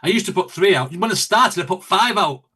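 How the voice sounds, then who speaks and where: A man talks as an interview guest, recounting stories in an animated, chatty way and acting out his own thoughts in quotes. His voice sits a little higher than most men's. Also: fairly quick, slightly rough. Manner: animated storytelling with quoted asides and laughs. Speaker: guest, reaction video creator. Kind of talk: casual interview chat.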